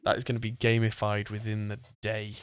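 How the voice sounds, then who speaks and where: A man's voice: fairly low pitch, completely flat delivery, brisk, clean tone, no room sound. A man hosting a podcast, chatting casually and rambling with frequent laughs. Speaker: podcast host. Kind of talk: casual chat.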